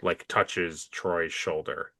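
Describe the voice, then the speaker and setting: A man co-hosting a casual podcast chat, retelling scenes quickly and with animation. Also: deep voice, flat delivery, bright, forceful tone, no room sound, clean studio sound. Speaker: podcast co-host.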